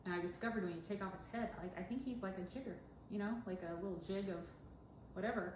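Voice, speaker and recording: A woman's voice: mid-range voice, quick pace, darkish tone. A woman co-hosting a podcast, chatting casually and giggling as she mixes a cocktail. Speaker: podcast co-host, dentist. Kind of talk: casual chat while mixing a cocktail. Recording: echoey room with background noise.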